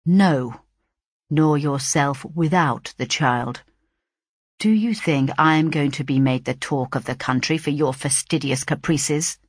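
A woman reading a storybook, voicing a defiant, insolent young gentleman husband with a gruff, scornful manner. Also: deep voice, measured pace, no echo, studio quality, pitched below the performer's own voice. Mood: insolent, cold.

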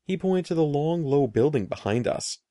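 A man reading a children's story aloud in an expressive, animated way. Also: on the high side, moderate pace, no echo, studio quality. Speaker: narrator.

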